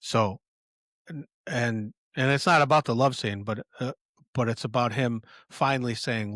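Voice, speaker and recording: A man's voice: medium pitch, moderate pace, fairly bright tone, no echo, clean studio sound. A man hosting a podcast in a casual film commentary, rambling with many restarts and chuckles. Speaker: podcast host.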